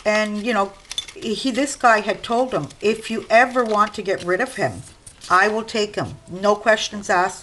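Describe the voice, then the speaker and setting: A woman's voice: fairly low pitch, fairly bright tone, slight background noise, poor audio. A middle-aged woman vlogging casually while working at her craft desk at home, rambling and speaking straight to her viewers. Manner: chatty, rambling, addresses viewers directly.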